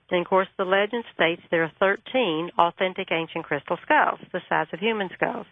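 A woman's voice: on the low side, dry recording. Woman telling a story over the phone. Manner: animated, acts out dialogue. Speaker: radio show guest. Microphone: telephone. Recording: tinny phone line.

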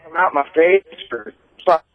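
Male caller, fairly high pitch, matter-of-fact, muffled lo-fi line. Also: brisk, vocal fry, dry recording. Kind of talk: call-in radio chat. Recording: dull lo-fi phone line.

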